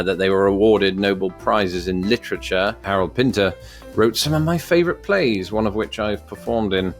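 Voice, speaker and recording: A man reading quiz questions aloud and answering them, with wry jokes in between. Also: on the low side. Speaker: vlogger. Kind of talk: casual commentary while taking an online quiz.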